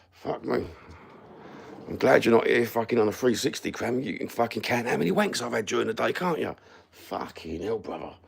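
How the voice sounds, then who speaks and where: A man's voice: medium pitch, big pitch swings, moderate pace, vocal fry, husky. A Cockney man ranting sarcastically and swearing constantly as he chats on a live stream. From London. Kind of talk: casual live-stream rant.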